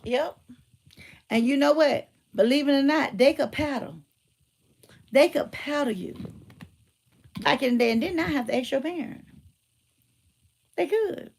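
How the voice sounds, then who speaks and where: Lady teacher type, gravelly voice, animated casual storytelling. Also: sits high, measured pace, pauses often. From Georgia, US. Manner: emphatic, animated, conversational. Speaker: motivational speaker and teacher.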